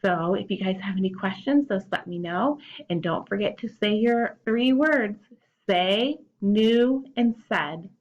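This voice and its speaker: A woman teacher giving a remote phonics lesson to young children, slowly sounding out and spelling words. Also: medium pitch. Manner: slow, drawn-out word sounding and spelling. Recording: dull lo-fi audio.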